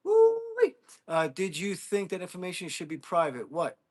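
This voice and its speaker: An American man hosting a casual livestream, chatting with viewers, thanking them and whooping with excitement. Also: fairly high pitch, fairly quick, slight background noise. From United States. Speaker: livestream host.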